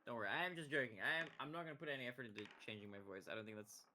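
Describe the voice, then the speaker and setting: A man's voice: mid-range voice, animated, very fast, background noise. A man streaming a video game, chatting casually and joking in a nasal voice with lots of fillers. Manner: joking, rambling, many fillers.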